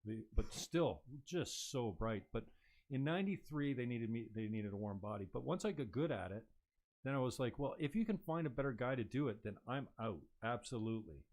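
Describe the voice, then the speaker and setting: A man's voice: medium pitch, lively intonation, brisk, darkish tone. A man in casual conversation, airing strong opinions bluntly. He rambles, circling back and restarting as he talks things through. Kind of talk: casual political chat.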